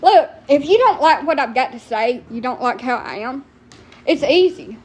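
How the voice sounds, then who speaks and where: High-voiced profane woman ranting. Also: animated, normal speed, slightly rough. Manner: profane, heated, sassy, talks back to viewers. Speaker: livestreamer. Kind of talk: ranting live stream.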